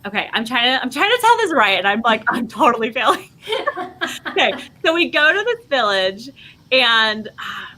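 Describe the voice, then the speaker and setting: Bright chatty woman telling stories. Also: on the high side, big pitch swings, normal speed. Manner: chatty, rambling, many fillers and self-corrections, acts out quotes. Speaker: guest, language program founder. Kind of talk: casual podcast storytelling.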